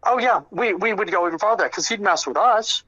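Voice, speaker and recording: A man's voice: high voice, a little fast, bright, forceful tone, lo-fi sound. A man telling stories about an old friend in a casual interview, rambling with many fillers and restarts. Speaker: interview guest, friend recounting memories.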